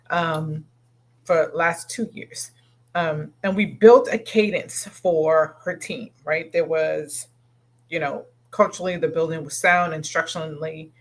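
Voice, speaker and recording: A middle-aged woman hosting a solo coaching podcast, talking earnestly, often checking in with "right?" and backtracking to explain. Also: low-pitched. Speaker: leadership coach and podcast host.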